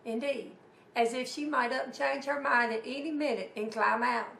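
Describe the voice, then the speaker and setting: A hoarse woman with a Southern US accent hosting a radio show and telling wry, folksy family stories. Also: high voice, fairly even intonation, normal speed, roomy sound. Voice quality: raspy. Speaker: radio host. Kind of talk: humorous radio storytelling.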